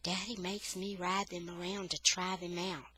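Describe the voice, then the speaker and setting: A woman reading a children's novel aloud for English learners, slow and expressive. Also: on the low side, slightly rough, dry recording.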